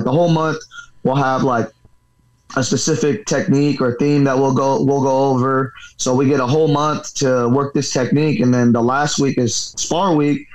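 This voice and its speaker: A man's voice: mid-range voice, poor audio. A man who fights professionally and coaches boxing, telling a story in a casual interview, rambling, swearing freely and leaning on filler words.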